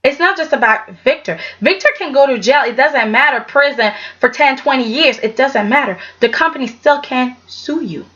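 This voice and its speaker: A woman's voice: sits high, normal speed, few pauses, a bit bright, muffled recording. A woman giving a casual, sassy vlog review of a soap opera, talking emphatically and tagging her points with "okay?".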